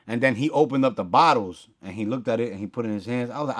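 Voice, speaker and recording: A man from the Bronx, hosting a casual podcast and telling profane, animated stories. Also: mid-range voice, quick pace. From the Bronx, New York. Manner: profane, animated storytelling with acted-out voices. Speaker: podcast host. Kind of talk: casual chat.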